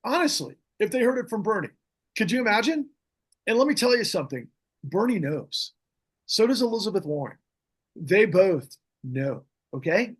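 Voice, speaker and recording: A man's voice: sits high, sing-song, moderate pace, slightly rough. A middle-aged man hosting a podcast, ranting about politics in a fiery, rambling way with many restarts. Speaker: podcast host. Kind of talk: impassioned political talk.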